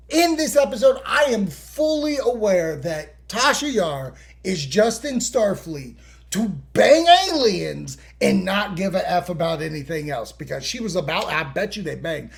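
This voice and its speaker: A man's voice: high voice, gravelly. A man hosting a podcast, recapping a TV episode in casual, profane talk and acting out scenes. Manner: animated, profane, acts out scenes. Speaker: podcast host.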